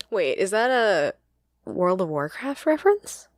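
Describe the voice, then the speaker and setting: A woman co-hosting a podcast, chatting casually about a book, quick to laugh and often stopping to correct herself. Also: medium pitch, big pitch swings, no room sound, studio quality. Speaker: podcast co-host. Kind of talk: casual book-discussion chat.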